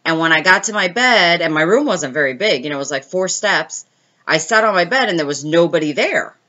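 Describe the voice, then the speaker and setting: Woman livestreamer, chatty storyteller, bright tone, slightly low pitch, dull recording. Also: animated, brisk. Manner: chatty, answers viewer comments mid-story. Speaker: live stream host. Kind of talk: casual storytelling chat.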